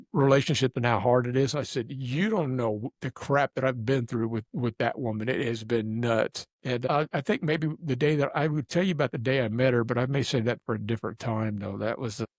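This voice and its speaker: A man's voice: mid-range voice, a little fast, few pauses, no room sound, studio quality. A man telling a rambling, self-deprecating story in casual chat, often restarting his sentences. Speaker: guest storyteller.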